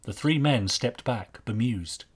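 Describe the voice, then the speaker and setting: A man, the author and host, giving an expressive audiobook reading. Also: mid-range voice, slow pace, husky.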